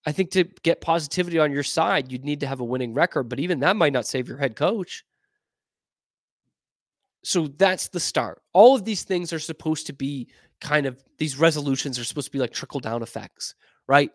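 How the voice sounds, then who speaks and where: A man's voice: a little high, moderate pace, no echo, clean studio sound. A man hosting a sports talk show, giving frank, opinionated commentary with emphatic delivery and playful wordplay.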